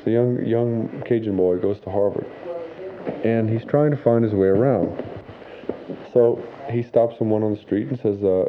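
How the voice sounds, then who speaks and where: A man's voice: lowish voice, fairly even intonation, normal speed. A man explaining his views in a thoughtful documentary interview. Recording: phone-like recording with faint noise.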